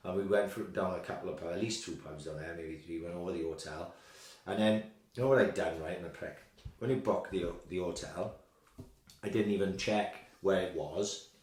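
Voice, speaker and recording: A Welsh man telling a sweary, lively anecdote on a casual podcast. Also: low voice, normal speed. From Wales. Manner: animated, sweary anecdotes with quoted voices. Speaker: podcast co-host. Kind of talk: casual storytelling chat. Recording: roomy, echoey room.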